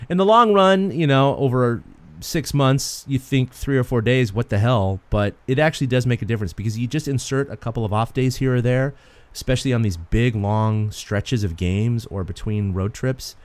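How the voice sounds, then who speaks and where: A man co-hosting a sports podcast, an animated storyteller who laughs often in casual chat. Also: mid-range voice, moderate pace, no echo. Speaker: podcast co-host.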